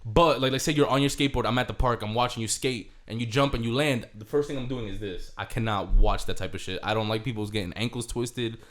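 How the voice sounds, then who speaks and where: A young man rattles through stories at a quick clip on a casual podcast. His voice sits in a middle register, and he swears freely and mixes in Spanish words. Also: mid-range voice, fairly bright tone. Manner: fast storytelling, swearing, drops Spanish words. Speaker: podcast co-host, EMT. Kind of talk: casual chat.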